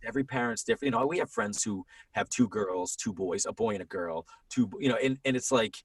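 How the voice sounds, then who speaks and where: Speaking quickly in a husky, lowish voice, a man in his 30s, who works as a voiceover actor, rambles through a casual podcast conversation with many restarts. There's no echo; the audio is dry and a little distant from the microphone.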